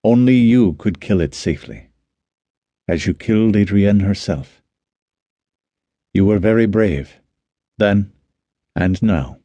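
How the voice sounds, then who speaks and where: Guy voicing a gentle protective husband, real low and soft, slow and soothing. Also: expressive, no room sound, lo-fi sound. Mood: tender. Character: tender protective young husband, calm.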